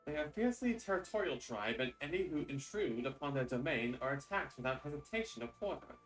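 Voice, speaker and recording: A man's voice: on the high side, big pitch swings, creaky, fairly bright tone, recorded from a distance, faint music behind, exaggerated voice, low-quality recording. A man reading a solemn haunted woman. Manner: measured, archaic phrasing.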